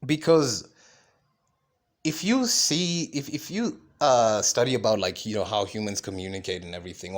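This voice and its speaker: A man hosting his own podcast, talking alone in a rambling monologue, swearing often, restarting sentences and asking "right?" as he goes. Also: fairly low pitch. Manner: swearing, many fillers and restarts, asks "right?". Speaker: podcast host.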